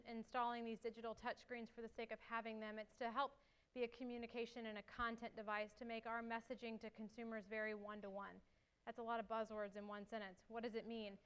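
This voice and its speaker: A young woman giving an energetic conference talk and answering questions, a little out of breath. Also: fairly high pitch, smooth. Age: young adult. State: slightly out of breath. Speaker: marketing executive speaker.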